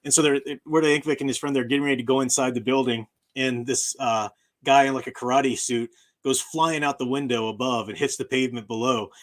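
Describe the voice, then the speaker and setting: A man's voice: medium pitch, steady tone, fairly quick. A man, a university professor hosting his own channel, talking in a casual livestream chat, emphatic and often laughing at his own remarks.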